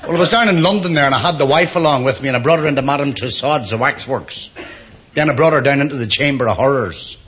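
A man's voice: mid-range voice, fast talker, fairly bright tone. Give me a man telling a dry first-person joke on a noisy old live recording. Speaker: stand-up comedian.

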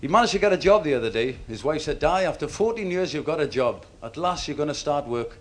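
High, animated male stand-up comic. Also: quick pace. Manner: storytelling with acted dialogue. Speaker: stand-up comedian. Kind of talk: stand-up joke telling.

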